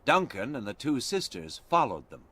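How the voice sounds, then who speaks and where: A man reading a storybook aloud in a slow, clear and expressive narration. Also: mid-range voice. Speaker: audiobook reader.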